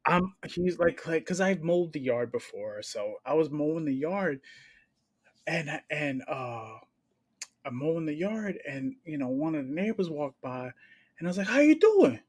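A man's voice: fairly high pitch, unhurried, husky. A man from Brooklyn, co-hosting a casual podcast chat and acting out the people in his stories. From Brooklyn, New York. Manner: animated storyteller who acts out dialogue. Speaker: podcast co-host.

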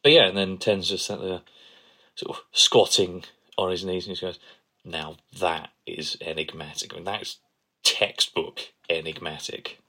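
Co-host, man, very low voice, playful and gushing. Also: steady tone, normal speed, pushed and bright. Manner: playful, enthusiastic, gushes over quotes. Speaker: podcast co-host. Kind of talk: casual chat.

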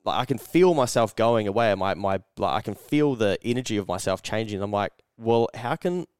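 A man's voice: fairly low pitch, lively intonation, brisk, a little mellow, clear, resonant tone, no echo, studio quality. A young man with a New Zealand accent, co-hosting a podcast and telling a story in casual chat, swearing often and acting out his own thoughts. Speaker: podcast co-host.

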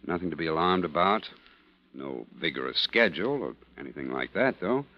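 An actor playing a grave, measured family doctor who speaks calmly and cautiously. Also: male voice, extremely low pitch. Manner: calm, reserved, cautioning. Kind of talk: 1940s radio acting. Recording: noisy, dull old radio recording.

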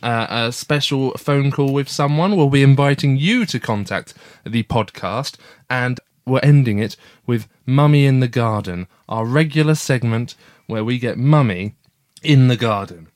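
A man's voice: mid-range voice, unhurried, no room sound. A man hosting a casual family podcast from a garden shed office, chatty and encouraging as he prompts his young daughter. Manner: chatty, encouraging, gently teasing. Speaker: podcast host, father.

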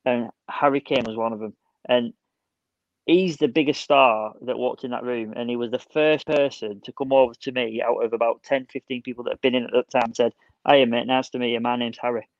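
A man's voice: mid-range voice, no room sound. A man telling stories eagerly in a casual football podcast chat, often restarting his sentences. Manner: excitable storyteller, quick restarts. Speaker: podcast co-host. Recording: dull dry sound.

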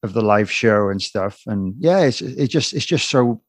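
A man's voice: on the low side, animated, moderate pace, no room sound, studio quality. A man interviewing a musician in casual chat, enthusiastic and rambling, calling him man.

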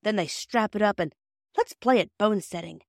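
A woman's voice: medium pitch, moderate pace, gravelly, no room sound, studio quality, lightly acted. A woman reading aloud, voicing a bossy young boy who teases his sisters. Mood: teasing.

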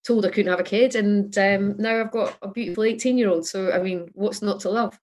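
A woman in casual chat as a guest on a video call, candid and quick to laugh, with the odd light swear. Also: medium pitch, fairly even intonation, a little mellow.

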